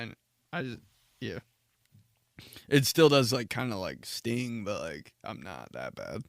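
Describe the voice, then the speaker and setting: A man's voice: mid-range voice, very animated, unhurried, gravelly, pauses often, sharp tone, dry recording, studio quality. Profane young man ranting on his podcast. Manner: rambling, profane, laughs at himself, acts out dramatic reactions. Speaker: podcast host. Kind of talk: solo comedic podcast rant.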